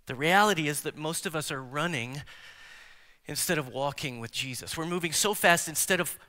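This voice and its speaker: A man preaching a sermon as a pastor in a church, swinging between emphatic declarations and hushed near-whispers and putting questions straight to the congregation. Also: on the high side, normal speed. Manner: engages the congregation with direct questions. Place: large church sanctuary. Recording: long hall reverb from church sanctuary.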